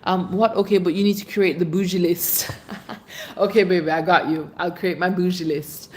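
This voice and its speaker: On a relaxed livestream, a woman reads her viewers' comments aloud and responds warmly. Her voice is fairly low, her intonation fairly even, and her pace moderate.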